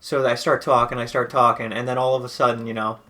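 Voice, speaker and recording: A man's voice: mid-range voice, flat delivery, fast talker, pushed and bright. A man with a Boston accent telling a story in casual chat over a video game, swearing now and then. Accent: Boston, comes and goes. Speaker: game streamer co-host.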